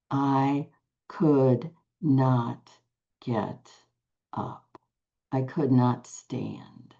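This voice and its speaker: An older woman telling a personal spiritual story to a group, slow and hushed, with long pauses and soft whispered phrases. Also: low-pitched, creaky, lo-fi sound. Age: 60s or older. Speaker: spiritual teacher.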